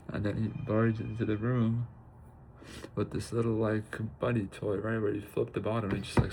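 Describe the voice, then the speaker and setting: A young man talking in a confessional vlog, tearful and halting, filling his pauses with "you know" and "bro". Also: fairly low pitch, gravelly, darkish tone, a little hiss or hum, rough recording. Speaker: vlogger.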